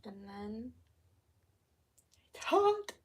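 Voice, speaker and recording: A woman's voice: a little high, sing-song, extremely slow, background noise. A young woman vlogging casually as she lights candles for a spell, chatty and swearing freely, sometimes dropping to a whisper. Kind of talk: casual chat.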